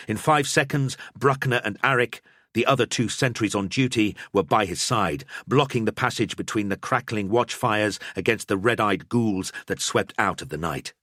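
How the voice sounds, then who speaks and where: A man reads an audiobook with a fairly low but bright, forceful voice, giving a battle scene a dramatic telling. His pitch moves a great deal from line to line. The recording is dry and close. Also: no room sound. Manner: dramatic storytelling. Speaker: audiobook narrator. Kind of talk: scripted narration.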